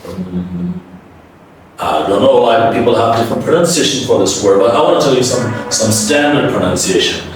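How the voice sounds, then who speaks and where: A man teaching English pronunciation, drilling words by repeating them over and over in an animated, coaxing way. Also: mid-range voice, moderate pace, soft background music. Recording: echoey room, voice from a distance.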